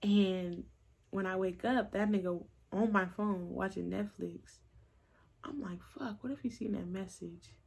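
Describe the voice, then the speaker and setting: A young woman telling a storytime vlog in a blunt, profane, animated way, acting out the other people's lines. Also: medium pitch, a little slow, vocal fry, husky. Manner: blunt, profane, animated retelling with quoted voices. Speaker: vlogger. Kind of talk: casual storytime chat.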